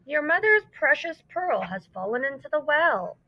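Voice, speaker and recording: A woman's voice: high-pitched, very animated, moderate pace, pitched above the performer's own voice. A woman voicing a drowsy, grumpy old man who grumbles. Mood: grumbling. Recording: dull lo-fi dry recording.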